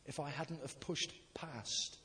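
A man's voice: a little high, takes it slowly, sharp tone, husky. A man, a pastor, preaching a sermon in an anecdotal, self-deprecating storytelling manner. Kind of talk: sermon with personal stories.

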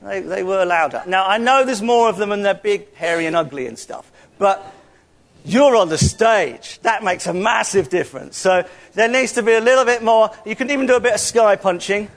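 A man with a high voice leads a church gathering in an interactive sermon. He jokes and teases as he talks to the congregation, and raises his voice to call out across the room. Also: normal speed, a faint crowd. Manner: playful, joking, calls out loudly to the room. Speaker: church speaker.

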